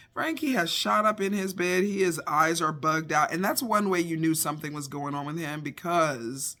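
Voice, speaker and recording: A woman's voice: lowish voice, pushed and bright. A middle-aged woman telling a personal family story as a faith lesson, acting out the voices of her household as she goes. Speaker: devotional speaker.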